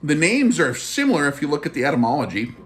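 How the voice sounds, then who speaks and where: A man's voice: on the high side, big pitch swings, fast talker, a bit bright. A man hosting a casual vlog, telling a personal story in a chatty way full of fillers. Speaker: channel host.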